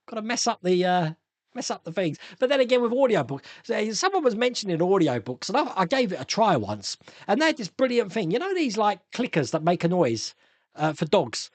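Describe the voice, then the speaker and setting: A man's voice: sits high, sing-song, fairly quick, no echo. A middle-aged man hosting a casual live stream, chatting, laughing often, and reading viewer comments aloud. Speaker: host.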